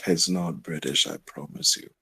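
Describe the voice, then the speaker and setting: A man's voice: low-pitched, fairly even intonation, moderate pace, sharp tone, breathy edge, no room sound. A man calling in to a live show, hesitant and formal, filling gaps with ums and nervous giggles. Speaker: caller. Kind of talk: phone-in caller.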